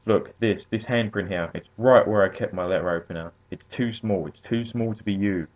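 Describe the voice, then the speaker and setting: A wounded businessman, wheezing and pointing fingers, as a man reading the story puts him on. The voice sits deep. It comes through narrow, phone-like audio. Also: moderate pace, natural voice. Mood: accusing. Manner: wheezing, demanding. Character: injured businessman, wheezing and accusing.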